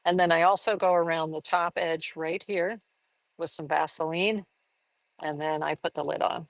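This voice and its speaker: A woman's voice: on the low side, normal speed, dry recording. A woman giving a live art lesson, chatting enthusiastically and thinking aloud as she works on a collage. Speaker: art teacher.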